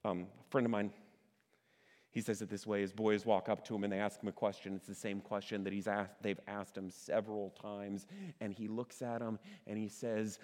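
A middle-aged man preaching a sermon in a conversational way, asking his listeners questions and slowing down to stress key words. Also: fairly low pitch, level tone. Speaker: pastor. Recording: long hall reverb.

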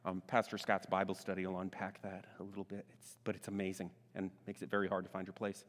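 A man preaching a sermon as a pastor, speaking emphatically and swinging between loud passages and hushed ones. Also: low voice, completely flat delivery, quick pace. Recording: long reverb of a large hall.

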